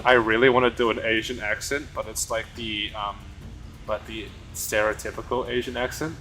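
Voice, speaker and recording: A man's voice: lowish voice, little pitch movement, normal speed, bright, forceful tone, faint music behind. A male streamer reading game dialogue aloud in a mock-formal way, stumbling over words and adding casual asides.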